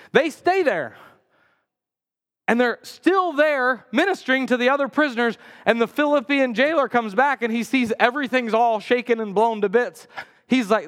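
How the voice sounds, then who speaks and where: A man preaching a sermon as pastor, telling a story with lively acted-out quotes and sudden loud cries. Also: normal speed, big-room sound. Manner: animated storytelling, acts out quotes with sudden high outbursts. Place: church sanctuary.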